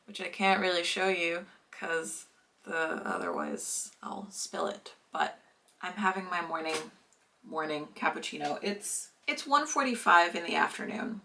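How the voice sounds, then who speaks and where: A woman's voice: on the low side, measured pace, vocal fry, a little hiss or hum. A young woman vlogging in a casual, chatty way at her family home, sometimes talking while she eats. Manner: chatty and relaxed, with filler words and small laughs; talks with her mouth full while eating. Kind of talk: casual vlog chat.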